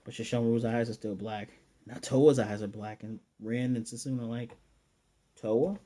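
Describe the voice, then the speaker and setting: A man in a casual anime review recaps an episode with eager, rambling enthusiasm. He restarts his sentences often and tosses in quick impressions of the characters. His voice stays warm and mellow throughout. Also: mid-range voice, level tone.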